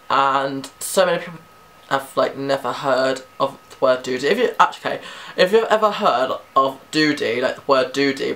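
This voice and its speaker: A teenage man chatting casually through a tag questionnaire, rambling and quick to giggle. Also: mid-range voice, a bit bright. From Britain. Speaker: vlogger.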